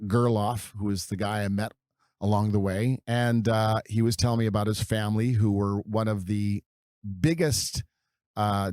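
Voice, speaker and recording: A man's voice: on the low side, darkish tone, no room sound, clean studio sound. A man in his fifties from California, a podcast guest telling long, meandering stories from his past at an easy pace. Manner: unhurried, meandering storyteller. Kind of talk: reminiscing interview storytelling.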